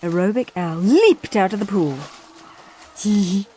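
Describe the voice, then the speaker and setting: A woman narrating a children's story aloud in an expressive storytelling manner. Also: lowish voice, normal speed, a little hiss or hum. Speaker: audiobook narrator.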